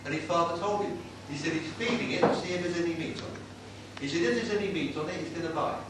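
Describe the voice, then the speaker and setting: A man doing a tribute act as a cheeky old-time music-hall comic, telling saucy gags in brisk patter. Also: fairly high pitch, close to an everyday voice. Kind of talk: live stand-up with saucy gags. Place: live venue with an audience. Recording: roomy and distant with loud noise.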